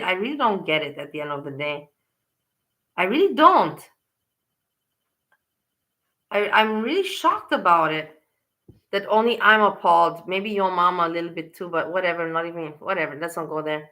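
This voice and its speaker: A woman's voice: on the low side, bright, forceful tone. A woman commenting on a stream she is watching, talking in an exasperated, scolding way and swearing often. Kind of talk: casual reaction commentary.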